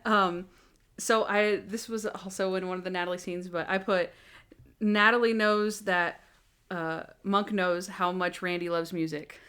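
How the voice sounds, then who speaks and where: A woman's voice: on the low side, steady tone, a little slow, a bit bright, smooth. A woman co-hosting a podcast, chatting casually about a TV episode and acting out the characters' lines as she retells scenes. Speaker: podcast co-host. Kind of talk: casual chat recapping a TV episode.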